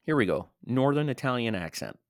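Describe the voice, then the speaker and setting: A man's voice: medium pitch, very animated, brisk, no room sound, clean studio sound. A man co-hosting a podcast in casual chat, running a music quiz in a teasing, playful way. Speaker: podcast co-host, quizmaster.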